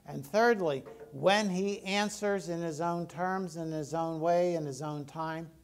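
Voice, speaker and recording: Gravelly-voiced male pastor preaching. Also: on the high side, measured pace. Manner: conversational, asks the congregation questions. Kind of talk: sermon.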